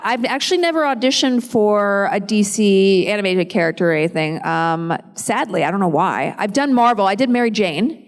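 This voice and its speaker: Chatty woman answering fans in a hall. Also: mid-range voice. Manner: chatty, self-deprecating, laughs often. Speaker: convention panel guest. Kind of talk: fan Q&A panel. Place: large convention hall. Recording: long hall reverb.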